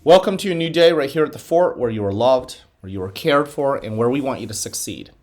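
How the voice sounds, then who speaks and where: A middle-aged man, a school principal, guiding students through a calm breathing exercise and then giving upbeat, encouraging morning announcements. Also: mid-range voice, brisk. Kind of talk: guided mindfulness and morning announcements.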